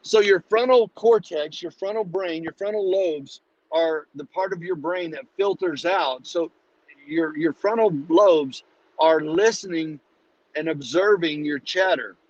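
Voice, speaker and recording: A man hosting a live-streamed Bible study, teaching in a casual, energetic, preachy way and calling listeners "dude". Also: on the high side, measured pace. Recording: dull lo-fi live stream audio.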